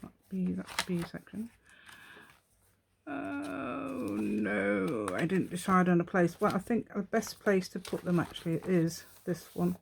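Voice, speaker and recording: A woman hosts a relaxed craft tutorial, talking to herself as she works. Her voice sits a little low, and she speaks at an unhurried pace. She rambles chattily from step to step. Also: slight background noise. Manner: chatty, rambling, talks to herself while working. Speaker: craft channel host. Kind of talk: casual craft tutorial, thinking aloud.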